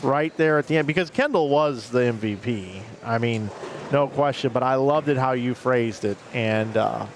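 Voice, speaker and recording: A man's voice: medium pitch, normal speed. Rambling talkative man, noisy background. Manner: rambling, restarts, emotional. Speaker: bowling tournament commentator. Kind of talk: casual chat.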